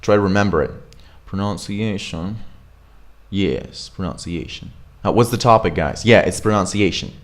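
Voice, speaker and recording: His voice sits low as he leads an online accent lesson, slowly repeating example words for English pronunciation. The chatter around it is casual and full of fillers.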